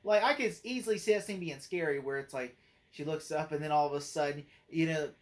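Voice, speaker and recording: A man hosting his own channel, giving a casual spoken movie review in a rambling way, full of "like" and "you know" and quick to laugh. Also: on the high side. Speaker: movie critic and channel host.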